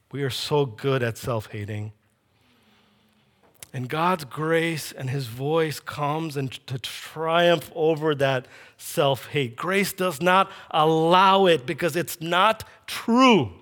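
A man with a notably high speaking voice delivers a sermon. He retells the scripture story with energy and puts feeling into the quoted lines as he reads them. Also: slow, fairly bright tone. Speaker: preacher.

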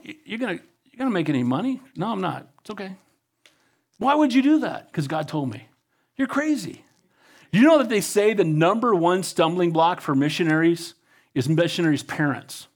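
A man preaching a fervent sermon, reading scripture aloud and urging his listeners to action. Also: sits high. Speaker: pastor.

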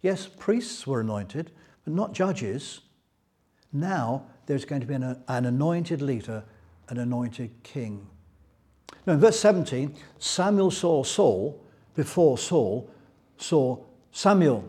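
A man preaching a Bible teaching sermon, retelling scripture in a lively storytelling way. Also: medium pitch, slow pace, slightly rough.

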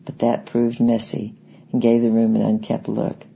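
A man reading an audiobook in a steady, reflective way. His voice is dark and gravelly, and it stays even in pitch. It has a husky, breathy grain. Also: normal speed, dull audio. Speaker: audiobook narrator. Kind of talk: scripted narration.

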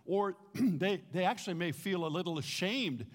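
A man's voice: high voice, lively intonation, normal speed, big-room sound. A middle-aged man from the United States giving a practical church teaching, plain-spoken and prone to repeating words as he restarts. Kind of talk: sermon-style teaching.

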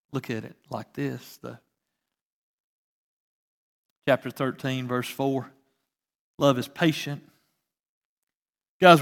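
A man preaching a sermon as pastor, moving between quiet reading and loud, fervent preaching. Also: fairly high pitch, in a large hall. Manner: swings from soft to loud preaching.

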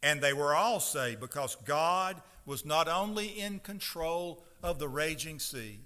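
A man's voice: a little high, unhurried. A man in his fifties preaching a sermon to his congregation, talking plainly and then raising his voice to stress the words when he reads scripture. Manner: emphatic preaching, rising to loud scripture readings. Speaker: pastor. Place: church sanctuary. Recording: long hall reverb.

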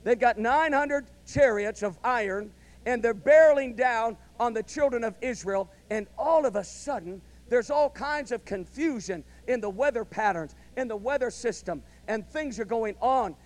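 A male pastor delivering a sermon, telling a story and building to loud, emphatic calls of amen. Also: extremely high pitch, moderate pace.

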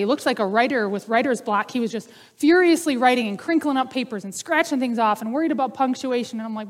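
A woman pastor with a somewhat high voice delivers a sermon at normal speed, relaxed and conversational, slipping humor into her teaching. A long hall reverb hangs on the sound.

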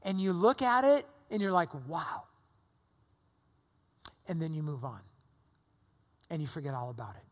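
A man's voice: on the high side, sing-song, a little fast, pauses often. A middle-aged man preaching a sermon in a church, conversational, with rhetorical questions, while recovering from pneumonia. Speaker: pastor. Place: church sanctuary. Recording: long hall reverb.

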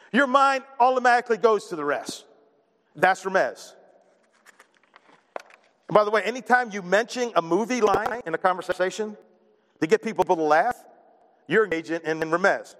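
An animated male pastor preaching in a casual, talky way, his voice pitched high for a man. He stumbles over repeated words as he gets going. A long hall reverb trails behind every phrase. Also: normal speed, long pauses. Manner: animated, conversational, repeats words when starting a thought. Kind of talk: sermon.

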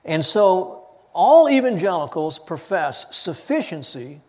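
A man preaching a sermon, reading scripture with rising force and dropping low to press his points. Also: sing-song, slow pace, in a large hall. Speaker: pastor.

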